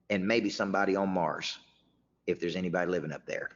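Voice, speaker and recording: A man's voice: sits low, animated, fairly quick. Emphatic male coach, muffled reverberant audio. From Tennessee. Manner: emphatic, repeats words when restarting. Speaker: business coach hosting a webinar. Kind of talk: motivational webinar talk.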